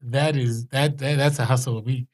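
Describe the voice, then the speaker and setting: A man co-hosting a podcast in casual chat, animated, his pitch jumping when he gets excited. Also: normal speed. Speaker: podcast co-host.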